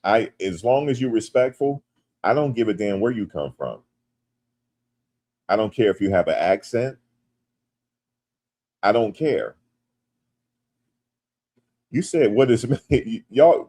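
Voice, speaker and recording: A livestream host from the United States speaks casually in a low voice, at a measured pace with long pauses. He reads the chat aloud and answers with playful jokes, getting loud and animated when viewers tease him.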